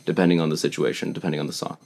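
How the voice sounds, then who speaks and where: A man's voice: extremely low pitch, racing, gravelly. A young man from Canada, a musician being interviewed, chatting casually and acting out quotes with animation. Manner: animated storyteller, acts out quotes. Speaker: musician guest.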